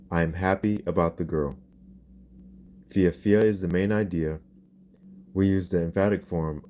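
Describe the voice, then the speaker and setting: A man narrating a language lesson in a scripted instructional style, explaining slowly and carefully and spelling out words. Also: low voice, fairly even intonation, mellow, slight background noise. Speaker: language teacher.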